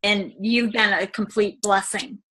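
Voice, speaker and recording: A woman's voice: medium pitch, steady tone, measured pace, sharp tone. A woman real estate agent giving a candid testimonial in an interview, rambling and full of fillers.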